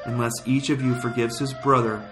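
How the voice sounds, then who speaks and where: A man reading scripture and prayers as a liturgical reader, in solemn, measured phrases. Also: medium pitch, level tone. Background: flute music.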